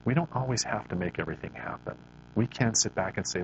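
A man with a fairly low voice gives an earnest, conversational devotional talk. He speaks with faith, and often restarts his sentences with repeated words. A faint hum sits behind him. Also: expressive, fast, poor audio. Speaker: Christian speaker.

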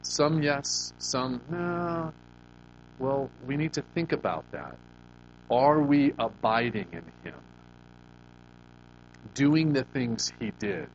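A man's voice: mid-range voice, very animated, takes it slowly, long pauses, lo-fi sound, a little hiss or hum. A man preaching a sermon, telling a personal story with rhetorical questions and frequent restarts. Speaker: pastor.

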